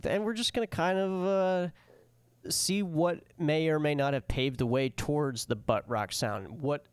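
Young male podcast co-host, clean, close-mic sound, dry deadpan explainer. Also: on the high side, unhurried, smooth, no room sound. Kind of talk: casual chat.

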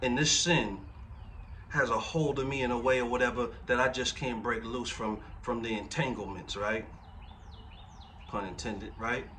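A man's voice: medium pitch, fairly even intonation, normal speed, pushed and bright, far from the mic, a little hiss or hum. A man in his forties preaching a conversational sermon as pastor, often checking in with the congregation through rhetorical questions. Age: 40s.

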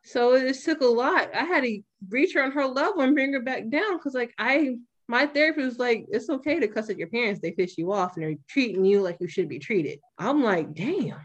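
A young woman hosting a podcast, talking bluntly and with plenty of swearing in a casual, animated way. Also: a little high, brisk, few pauses. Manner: blunt and profane, animated retelling. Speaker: podcast host.

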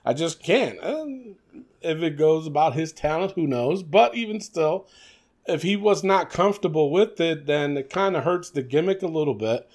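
A man's voice: fairly high pitch, lively intonation, moderate pace, darkish tone. A young man co-hosting a podcast, chatting casually and animatedly, laughing often and talking in fillers. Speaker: podcast co-host. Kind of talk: casual wrestling chat.

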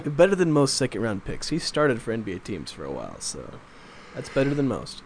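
A man's voice: medium pitch, big pitch swings, normal speed, creaky, a little mellow, slight background noise. A man in casual sports chat, rambling and mildly exasperated as he makes his points.

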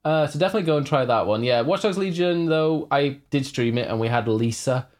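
A man's voice: mid-range voice, brisk. A man, a streamer co-hosting a gaming podcast, chatty and rambling, reading out viewer comments. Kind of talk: casual gaming chat.

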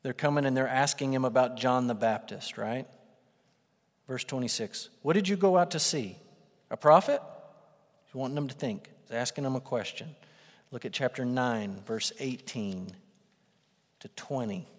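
A man preaching a sermon in a conversational, emphatic way, swelling into loud bursts for emphasis. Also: medium pitch, moderate pace, long pauses. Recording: reverberant hall.

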